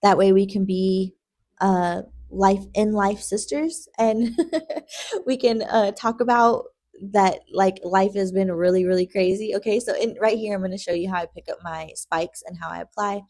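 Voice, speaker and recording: A young adult woman who works as a lash artist walks the viewer through a tutorial vlog in a mid-range, slightly mellow voice, with fairly even intonation at normal speed. She chats casually, calls the viewer "girl," and checks in with "okay?"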